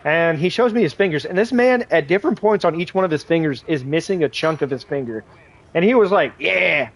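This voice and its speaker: Young male gaming streamer, slightly high voice, loose and profane, rambling anecdotes. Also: lively intonation, fairly quick, dry recording. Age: young adult. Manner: rambling storyteller, swears freely, many fillers. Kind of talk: casual live-stream chat while playing.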